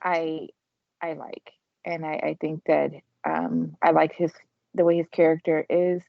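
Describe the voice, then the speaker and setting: A woman's voice: low-pitched, fairly even intonation, a little slow, vocal fry, dry recording. A woman co-hosting a casual TV recap podcast, talking hesitantly with lots of fillers. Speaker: podcast co-host. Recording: dull, dry lo-fi sound.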